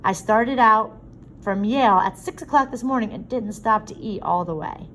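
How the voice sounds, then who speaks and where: A woman reading a story aloud, voicing an excited young male soldier in a raised, eager voice. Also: mid-range voice, normal speed, a little hiss or hum, pitched above the performer's own voice, close to an everyday voice, rough recording.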